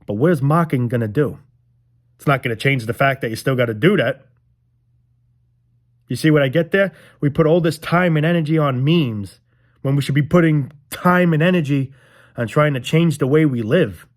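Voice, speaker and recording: A man's voice: on the high side, moderate pace. A young man ranting casually to his viewers, frustrated and rambling, swearing often and repeating himself. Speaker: vlogger. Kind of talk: casual rant to camera.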